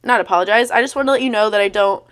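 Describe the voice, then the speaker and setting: A woman's voice: mid-range voice, racing, a bit bright. A young woman in her twenties hosting a casual storytime podcast, sarcastic and blunt, swearing freely as she reads old messages aloud. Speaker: podcast host.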